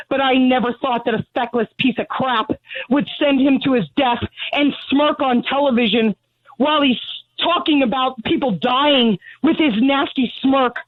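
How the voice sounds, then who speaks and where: A woman's voice: high-pitched, no echo. A middle-aged woman calling in, furious, blunt and sarcastic, out of breath as she speaks. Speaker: caller. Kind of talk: call-in radio rant. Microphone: telephone. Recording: tinny dry phone line.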